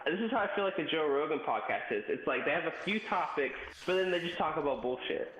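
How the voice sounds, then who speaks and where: A man's voice: a little high, animated, quick pace, a bit bright. A man co-hosting a podcast in casual chat, talkative and full of restarts and fillers. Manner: chatty, restarts a lot, filler-heavy. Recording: roomy, dull, slightly noisy mic.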